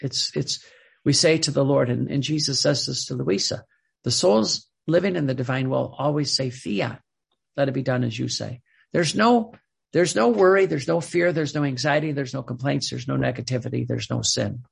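Gravelly, husky man preaching haltingly. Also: medium pitch. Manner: halting, repeats words while searching, earnest. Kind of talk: sermon.

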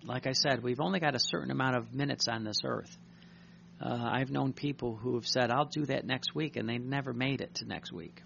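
A priest delivers an earnest, reflective sermon, his voice gravelly and rough at the edges. He often circles back and restarts his sentences. The recording is dull and lo-fi, with a faint hum of room ambience behind him. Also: medium pitch, brisk, a bit bright.

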